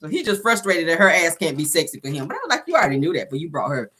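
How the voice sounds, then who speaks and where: Speaking very fast in a sing-song way, she dishes on a reality show with sassy, casual gossip. Her tone is bright and sharp with some huskiness, her pitch jumps around, and she laughs a lot while performing the quotes.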